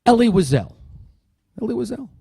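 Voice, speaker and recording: Man, keynote storyteller, high voice, gravelly edge, acts out every quote. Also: normal speed, no room sound, studio quality. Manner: animated, acts out dialogue in quotes; humorous asides. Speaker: keynote speaker. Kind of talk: storytelling speech at a dinner.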